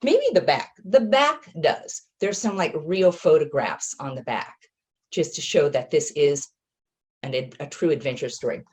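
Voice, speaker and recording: Low-pitched woman, lively swooping delivery, chatty self-deprecating author telling her story. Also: a little slow. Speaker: author giving a talk. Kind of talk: casual storytelling talk.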